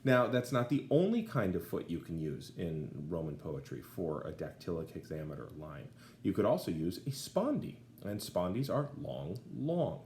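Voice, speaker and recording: Low-voiced man teaching in an echoey room. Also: sing-song, moderate pace, darkish tone. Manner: casual, checks in with "okay?" often. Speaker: Latin teacher. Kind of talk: classroom video lesson. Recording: echoey room, faint background noise.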